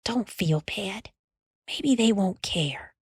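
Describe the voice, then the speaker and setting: Woman putting on a high sweet little girl, soothing, hopeful. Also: very animated, measured pace, no echo, studio quality. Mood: whispering. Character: cheerful gentle younger sister, young girl.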